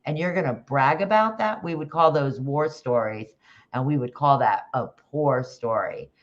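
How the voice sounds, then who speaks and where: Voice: mid-range voice, normal speed, lo-fi sound. A livestream host chatting casually about a case, rambling with restarts and greeting viewers in the chat by name.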